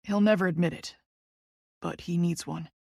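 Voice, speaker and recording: Woman voicing a gentle reassuring young man. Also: on the low side, fairly even intonation, moderate pace, vocal fry, dry recording, clean studio sound.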